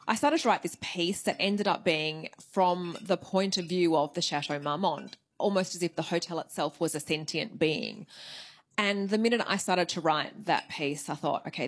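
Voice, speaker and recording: A woman novelist being interviewed, talking through her writing process in a thoughtful, conversational way. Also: low voice. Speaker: novelist guest. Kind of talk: interview answers.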